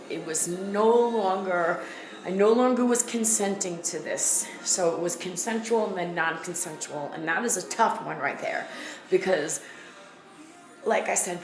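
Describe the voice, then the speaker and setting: A woman from the Bronx, telling her own story to her viewers bluntly and emphatically, repeating phrases for weight. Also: fairly low pitch. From the Bronx, New York. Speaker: vlogger. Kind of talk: candid personal storytelling to camera. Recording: echoey room with faint music.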